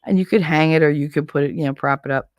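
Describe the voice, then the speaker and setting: A woman's voice: low-pitched, fast, no echo. A woman hosting a casual show, telling rambling stories with plenty of swearing and answering a viewer's comment. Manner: rambling, profane, animated storyteller. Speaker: host. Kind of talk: casual storytelling chat.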